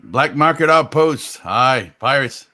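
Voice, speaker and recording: A man co-hosts a live pirate podcast, answering the captain with short, cheerful replies. His voice is bright and a little tense, with a middle pitch. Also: expressive, takes it slowly. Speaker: podcast co-host.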